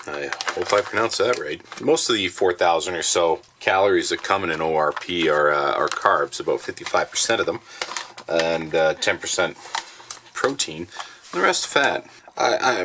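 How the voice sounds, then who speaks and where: Deep-voiced man reviewing rations. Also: background noise. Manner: relaxed, chatty, with frequent fillers. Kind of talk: casual food review vlog. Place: home basement.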